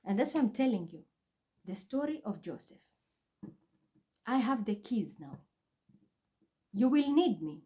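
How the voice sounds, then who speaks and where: A woman's voice: on the high side, sing-song, unhurried, long pauses, dark tone. A woman vlogging from home in an intense, accusatory, repetitive monologue. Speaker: spiritual reader vlogger. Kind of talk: agitated monologue to camera. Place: her home.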